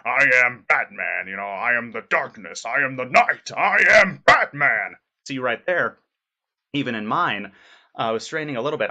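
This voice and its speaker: A man's voice: on the low side, pushed and bright, lo-fi sound. A man voice actor talking casually in a vlog, rambling with many fillers in an earnest way. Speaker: voice actor vlogger.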